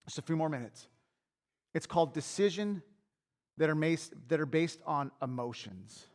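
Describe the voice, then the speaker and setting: This man preaches from the pulpit with a fairly high, animated voice at a moderate pace. He draws on frank personal anecdotes, keeps the tone conversational, and repeats and restarts words when his excitement builds along with his point.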